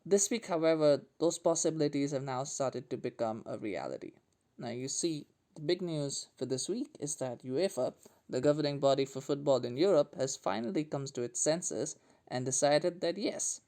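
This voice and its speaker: A man's voice: on the high side, lively intonation, moderate pace, gravelly, mellow. A man hosting a comedic podcast, delivering a sarcastic, jokey monologue. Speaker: podcast host.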